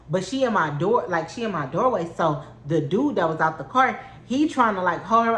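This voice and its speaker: A woman's voice: medium pitch, sing-song, moderate pace, few pauses, fairly bright tone, echoey room. A young woman, telling a heated storytime, swearing and repeating herself for emphasis. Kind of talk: storytime vlog.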